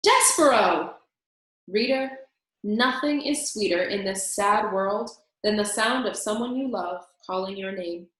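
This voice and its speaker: Expressive woman reading aloud, echoey. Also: medium pitch, measured pace. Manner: expressive storytelling. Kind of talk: reading a children's book aloud. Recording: very echoey room.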